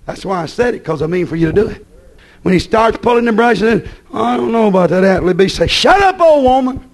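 A man preaching a sermon, folksy and scolding, swinging between shouts and low, hushed asides. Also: quick pace.

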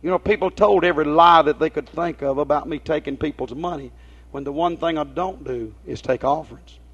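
The recording is dull and lo-fi as a man with a fairly high, husky voice preaches at a fairly quick pace. His sermon is folksy, built on homespun stories and rhetorical questions aimed at his listeners.

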